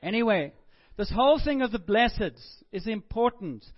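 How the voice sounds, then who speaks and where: A middle-aged man with a high voice preaches a sermon in a relaxed, chatty manner, slipping in jokes. The recording sounds dull and lo-fi. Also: normal speed. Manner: chatty, joking, conversational preaching. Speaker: pastor.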